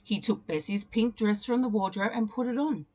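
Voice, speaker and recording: A teacher reading a children's picture book aloud, telling the story expressively and leaning into its repeated refrains. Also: female voice, medium pitch, moderate pace, warm tone.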